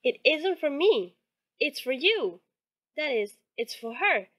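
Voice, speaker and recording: Frank, chatty young woman in an audiobook, voiced by a female reader, pitched up high. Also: takes it slowly, full character voice. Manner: lively, raised bright pitch.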